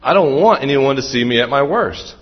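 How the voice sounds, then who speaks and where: A man's voice: medium pitch, expressive, fairly quick, slightly rough. A man preaching a sermon as pastor, conversational and self-deprecating, with asides and restarts. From Western Maryland. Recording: muffled, dull sound.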